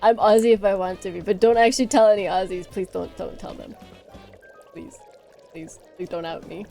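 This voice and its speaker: A woman's voice: medium pitch, steady tone, normal speed, vocal fry, dark tone, faint music behind. A woman streamer chatting casually on a livestream, playful and giggly, rambling as she talks.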